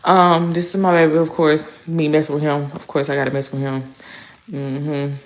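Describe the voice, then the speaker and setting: A middle-aged woman with a low voice that has a gravelly fry running through it. She narrates her own vlog in a loose, chatty way, drawing out words and circling back with "anyways" every few sentences. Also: level tone, moderate pace, muffled recording. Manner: chatty, drawling, repeats "y'all" and "anyways". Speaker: vlogger. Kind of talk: casual vlog voice-over.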